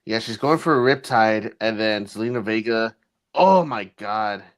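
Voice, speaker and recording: A man's voice: fairly low pitch, animated, normal speed. Slangy young man co-hosting a podcast. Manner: loose, slangy, profane, calls his co-host dude. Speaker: podcast co-host. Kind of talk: casual chat.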